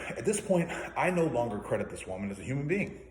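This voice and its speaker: A man, ranting in an indignant, profane monologue and clearing his throat often. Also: mid-range voice, sing-song, fairly quick, darkish tone. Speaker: vlogger. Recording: echoey room with faint noise.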